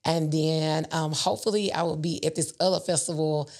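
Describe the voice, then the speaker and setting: A woman's voice: sits low, steady tone, moderate pace, a little mellow. A woman who is an interview guest and runs an event business, talking earnestly and laughing often. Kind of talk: casual interview chat.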